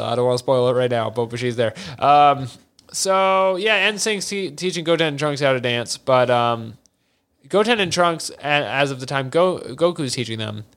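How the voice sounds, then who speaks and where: A man's voice: medium pitch, fairly bright tone, clear, resonant tone. A man co-hosting a podcast, recapping an anime episode in casual comedic chat and slipping into silly voices. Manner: jokey, does silly character voices. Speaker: podcast co-host.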